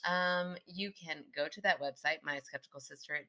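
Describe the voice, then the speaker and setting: A woman co-hosting a podcast in casual chat, chatty and quick to laugh. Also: deep voice, bright, forceful tone. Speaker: podcast co-host.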